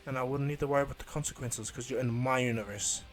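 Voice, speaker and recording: A man's voice: medium pitch, steady tone, quick pace, faint music behind, close to an everyday voice. A man voicing an arrogant, all-powerful male destroyer warrior in a fan-told story, speaking sternly and threateningly.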